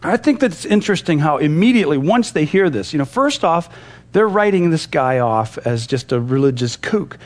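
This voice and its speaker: A male pastor teaching a Bible passage verse by verse, in a conversational manner that retells the scenes in lively paraphrase. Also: on the high side, moderate pace.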